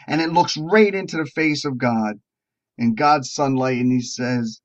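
A man preaching to a recovery group, telling a parable slowly and drawing out words with emphatic rises. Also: mid-range voice. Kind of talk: sermon storytelling. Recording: dull lo-fi recording.

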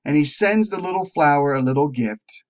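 A man preaching to a recovery group, telling a parable slowly and drawing out words with emphatic rises. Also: on the high side, animated. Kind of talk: sermon storytelling. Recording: dull lo-fi recording.

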